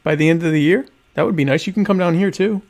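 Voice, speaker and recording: He speaks quickly in a slightly high voice with a darkish tone. As a podcast host on a solo webcam livestream from home, he eats dinner and delivers sarcastic, rambling, mock-grandiose commentary.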